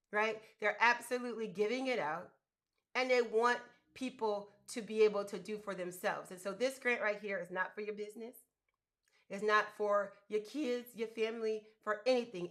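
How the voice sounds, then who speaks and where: A woman's voice: medium pitch, fairly bright tone. Woman host, motivational live talk, emphatic and colloquial, chatty. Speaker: host giving business grant advice.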